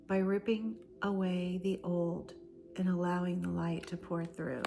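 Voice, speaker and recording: A woman reads oracle cards for a collective audience, speaking at a very unhurried pace and leaning on repeated, emphatic phrases. Her voice sits a little low and often drops into a soft, breathy near-whisper, with quiet music playing underneath. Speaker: spiritual oracle card reader. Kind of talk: channeled collective oracle card reading.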